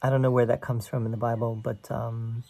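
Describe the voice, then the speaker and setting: A man's voice: medium pitch, little pitch movement, brisk, creaky, darkish tone. A man teaching a spiritual text in a casual, conversational way, explaining passages and often checking in with "right?". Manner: explains quoted text line by line.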